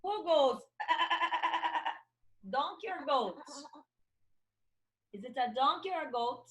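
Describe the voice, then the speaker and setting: Slow, lively Brazilian woman teaching kids. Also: high voice. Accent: Brazilian Portuguese. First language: Portuguese. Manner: slow, spelling words letter by letter, encouraging. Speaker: English teacher for children. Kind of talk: online children's lesson.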